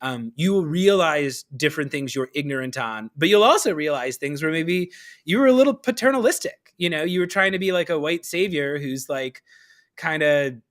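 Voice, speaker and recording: A man hosting a casual live-stream conversation, telling stories with a lively comic delivery. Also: fairly high pitch, normal speed. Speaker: host.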